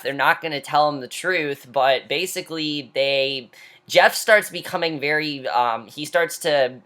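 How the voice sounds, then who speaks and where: A woman's voice: low-pitched, a bit bright. A woman giving an opinionated, casual recap of a reality show, talking freely with lots of fillers and restarts.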